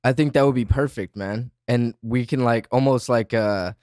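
A man's voice: mid-range voice, normal speed, a little mellow, no echo, studio quality. A young man hosting a podcast, chatting casually and animatedly with a friend, laughing often and using lots of fillers. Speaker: podcast host. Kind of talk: casual chat.

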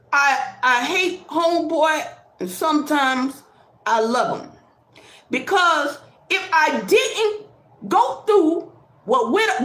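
A woman talking casually to her viewers on a live stream, animated and repetitive, laughing often and calling out to people by name. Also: high voice, roomy sound.

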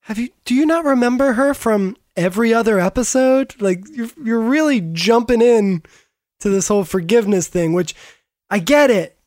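A man with a high, light voice and dry, close sound adds wry, questioning remarks in casual podcast chat about a TV episode. He leans on fillers as he talks. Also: moderate pace, a little mellow, no room sound. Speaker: podcast co-host.

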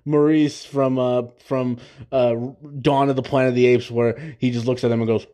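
A young male podcast host with a mid-range, dark voice speaks at normal speed with little pitch movement. He recaps an episode in a rambling, casual way, full of fillers and restarts, and laughs at his own jokes.

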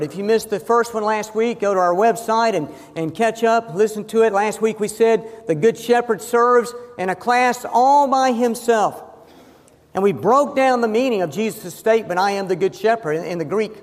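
A man preaching a sermon as pastor, emphatic and slowing down to stress key phrases. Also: sits high. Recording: long reverb of a large hall.

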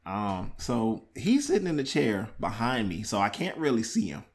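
A young man hosting a casual podcast chat, teasing his brother and telling lively family stories with plenty of laughter. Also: lowish voice, normal speed. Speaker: podcast host.

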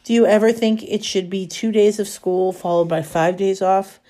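A woman's voice: medium pitch, fairly even intonation, normal speed, mellow, close to an everyday voice. A woman reading the lines of a nervous, witty gay teenage boy in an audiobook, wry and self-mocking. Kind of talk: audiobook character voice.

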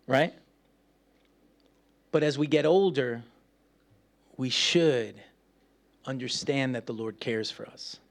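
A man's voice: mid-range voice, takes it slowly, pauses often. A man preaching a sermon, telling a personal story with playful humor and frequent laughter. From United States. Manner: playful, laughs often, acts out voices.

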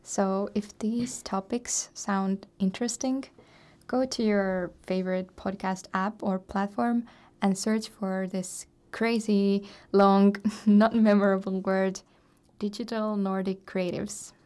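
Woman, radio co-host, friendly, explanatory, casual chat, medium pitch. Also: fairly even intonation, takes it slowly, warm tone, smooth. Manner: explanatory, friendly, with small laughs.

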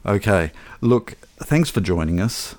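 Very deep-voiced man hosting a film podcast. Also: expressive, measured pace, a little mellow. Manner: chatty, self-deprecating, repeats words. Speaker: podcast co-host. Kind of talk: casual film chat.

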